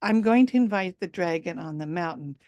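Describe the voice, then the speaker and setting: A woman's voice: lowish voice, fairly quick, a little mellow, no room sound, highs cut off, lightly acted. A woman voicing a brave, determined young village girl who speaks plainly and firmly. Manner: plain and resolute.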